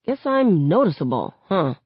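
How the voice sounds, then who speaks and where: Awkward teen boy from a novel , voiced by a woman reader, said low and plain on a dry, lo-fi recording. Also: very animated, moderate pace, slightly rough, no echo. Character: white teenage boy, awkward and easygoing. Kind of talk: reading a novel aloud. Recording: dull lo-fi, dry sound.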